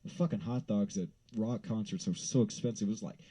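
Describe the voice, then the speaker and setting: A man from Wyoming telling a rambling, profane story in a casual vlog, swinging into loud exasperated rants. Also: on the low side, brisk, rough recording.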